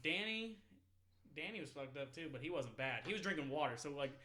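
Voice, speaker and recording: A man's voice: fairly high pitch, animated, brisk, pushed and bright. A man in his twenties telling a long party story in casual, rambling, profane chat, often laughing. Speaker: podcast host.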